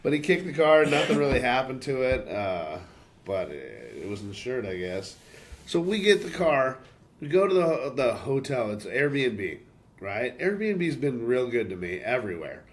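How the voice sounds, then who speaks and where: A man's voice: medium pitch, sing-song, a little slow, a little hiss or hum. An American man hosting a podcast, telling a travel story in casual chat and swearing freely. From United States. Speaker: podcast host.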